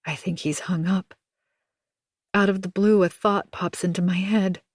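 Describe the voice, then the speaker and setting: A woman narrating an audiobook in a measured, hushed first-person telling. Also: on the low side, steady tone, no echo, clean studio sound. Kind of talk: scripted narration.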